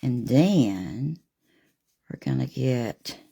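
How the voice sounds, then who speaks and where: A woman with a drawl talks viewers through a live painting, homey and gushing. Her voice sits low and takes its time, with a gravelly edge to it. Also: lively intonation, very slow, warm tone. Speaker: artist hosting a live painting session. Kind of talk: casual live painting demo with viewer chat.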